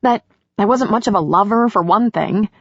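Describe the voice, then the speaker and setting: A woman voicing a tender, emotional heroine who sounds self-doubting and quick, with a breathy voice, in a romance audiobook. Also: medium pitch, no echo, pitched above the performer's own voice. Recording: dull lo-fi audiobook recording.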